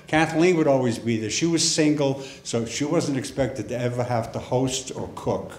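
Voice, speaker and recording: A middle-aged man telling a personal story on stage in a wry, conversational way, with deadpan asides. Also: medium pitch, a little hiss or hum. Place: theater stage. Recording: echoey theater room with faint ambience.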